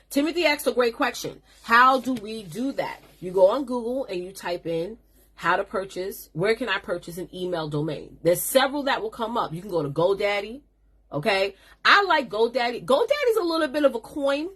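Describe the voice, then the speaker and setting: A woman hosts a casual live-stream lesson for her viewers. Her voice has a husky, breathy grain and sits at an ordinary pitch. She talks in a chatty, sassy way and calls her audience honey. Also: a bit bright. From New York. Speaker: business coach hosting a live stream.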